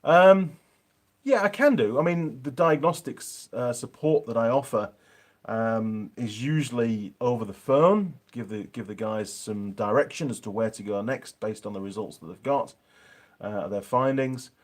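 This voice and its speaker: A man's voice: mid-range voice, lively intonation, measured pace. A man with a Yorkshire accent chatting casually on a live stream from his home workshop, reading out viewer comments with plenty of ums.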